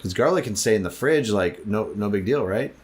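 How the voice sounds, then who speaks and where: A man's voice: fairly low pitch, expressive, a little fast, breathy edge. A man co-hosting a comedy podcast, rambling casually with lots of fillers and restarts. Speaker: podcast co-host.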